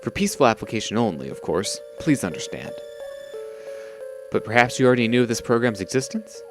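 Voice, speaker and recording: A man reading out a stern, commanding ship computer's lines in a flat, measured way. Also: medium pitch, music in the background. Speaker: reading game dialogue aloud.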